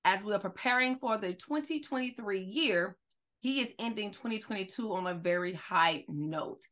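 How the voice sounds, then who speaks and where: A woman hosting a casual podcast interview, excited and chatty, often restarting her words. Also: medium pitch, normal speed. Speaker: podcast host.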